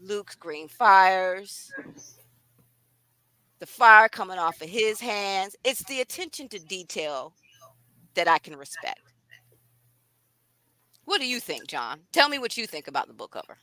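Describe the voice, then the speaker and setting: A woman's voice: mid-range voice, sing-song, measured pace, pauses often, bright, forceful tone, no room sound, low-quality recording. A woman author hosting a live stream, chatting enthusiastically and speaking straight to her viewers. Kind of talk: lively live-stream chat.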